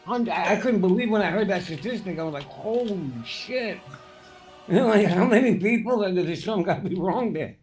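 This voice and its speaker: A man with a notably high voice hosts a loose livestream chat. He tells stories with lots of swearing and laughter. Faint music plays underneath. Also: fast, a little mellow. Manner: profane, laughing storyteller. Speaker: podcast host.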